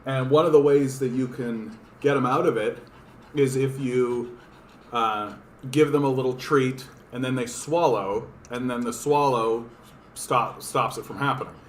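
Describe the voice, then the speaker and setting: Man cooing softly to his dog. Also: medium pitch, unhurried. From Canada. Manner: soft cooing baby talk to his pet dog, chatty asides to viewers. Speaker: livestream host. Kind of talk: casual livestream chat. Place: at home. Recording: roomy echo, faint room noise.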